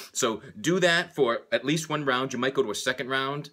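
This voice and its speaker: A man with a medium-pitched, sharp-toned voice speaks at a moderate pace with few pauses. As a tapping instructor, he guides a demonstration of the technique, talking through each point and saying the affirmations aloud while he taps.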